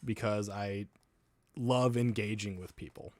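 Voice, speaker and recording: A man's voice: lowish voice, steady tone, a little slow, darkish tone, dry recording. A man hosting a casual livestream, rambling between topics while answering viewer comments and laughing often. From US South. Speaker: livestream host.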